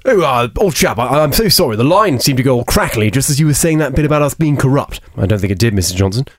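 A man's voice: medium pitch, lively intonation, quick pace, no room sound, clean studio sound, close to an everyday voice. A man impersonating a bumbling prime minister who stammers and dodges questions. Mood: blustering. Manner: stammering, flustered, evasive. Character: bumbling posh male prime minister, evasive.

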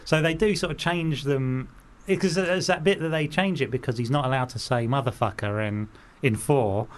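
A man in casual film chat, telling stories in a relaxed way. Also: mid-range voice, moderate pace. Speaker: podcast co-host.

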